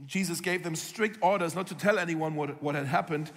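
A man's voice: a little high, a little fast, fairly bright tone. A man preaching a sermon in a conversational storytelling way, acting out the lines of the people in the story. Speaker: pastor. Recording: long hall reverb.

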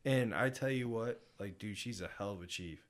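A man's voice: on the low side, normal speed. A man from upstate New York, a Navy chief guest on a podcast, telling profane, joking stories in casual chat. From upstate New York, USA. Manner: profane, joking storyteller who acts out both sides of his anecdotes.

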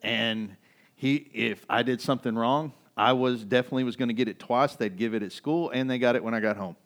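A male pastor giving a sermon in a casual, conversational way, laughing often and swinging from loud, excited bursts to quiet, low stretches. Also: brisk.

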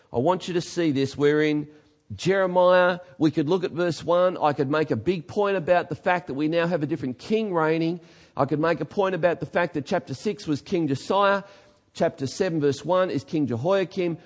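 A pastor preaches a sermon in a high-pitched voice, speaking emphatically. He swings between quiet, low remarks and shouted declarations.

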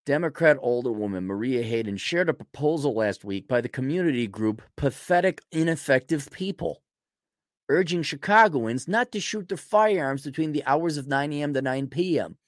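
A man's voice: mid-range voice, expressive, normal speed, no echo, clean studio sound. A male podcast host delivering a ranting commentary, sarcastic, profane and mocking.

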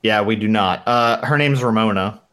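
A man narrating as game master of a tabletop role-playing session in a relaxed, easygoing way. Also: fairly low pitch, moderate pace.

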